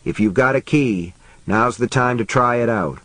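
A man voicing a tough, weary middle-aged lawman who talks gruff and blunt. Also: mid-range voice, moderate pace, fairly bright tone, no room sound, lightly acted. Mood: commanding.

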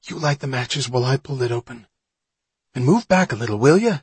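A man voicing a bold older brother, a boy who talks in eager, hushed urgings. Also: mid-range voice, expressive, fairly quick, breathy edge, dry recording, voice pushed up. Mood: excited whisper.

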